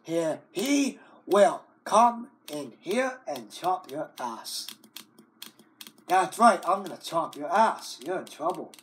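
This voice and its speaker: A man scolds his computer in a slow, drawn-out way, looping back over the same words and stumbling through them. His pitch leaps from high, wailing cries of oh and whoa down to low, growled threats. The rant is full of swearing. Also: big pitch swings, fairly bright tone. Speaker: video maker. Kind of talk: ranting at the computer on camera.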